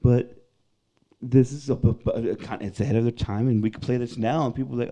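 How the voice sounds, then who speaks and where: A man guesting on a podcast, talking hip hop in an animated, profane way and reciting lyrics. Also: mid-range voice, fairly quick. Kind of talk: casual music chat.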